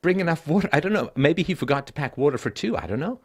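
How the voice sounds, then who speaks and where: A man's voice: lively intonation, fast. Blunt middle-aged man hosting a call-in show. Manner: blunt, profane storytelling, swinging between low weary and loud emphatic.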